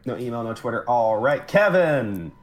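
A man's voice: medium pitch, big pitch swings, normal speed, faint music behind. A man hosting a casual gaming podcast who talks loosely, with fillers and casual swearing, on a home podcast mic. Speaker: podcast host. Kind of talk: casual chat.

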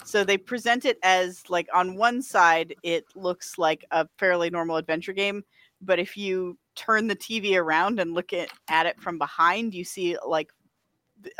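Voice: medium pitch, fairly bright tone, dry recording, clean studio sound. A podcast co-host in casual chat, rambling with many filler words and frequent laughs. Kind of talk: casual chat about a video game.

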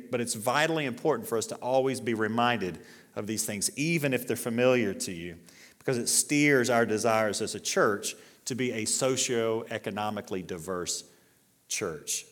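A middle-aged male pastor preaching a sermon in a relaxed, conversational way, with fillers and restarts, and rising in force when he reads scripture aloud. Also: medium pitch. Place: church sanctuary. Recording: long reverb of a church hall.

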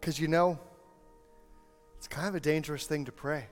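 A man's voice: a little high, steady tone, moderate pace, long pauses. A male pastor preaching a sermon, telling a story and building to impassioned appeals. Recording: long hall reverb, faint music.

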